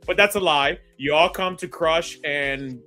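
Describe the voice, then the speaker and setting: A man's voice: on the high side, a little slow, bright, forceful tone, faint music behind. A man who organizes an event, chatting casually, promoting it and teasing the others with laughs. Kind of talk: casual chat.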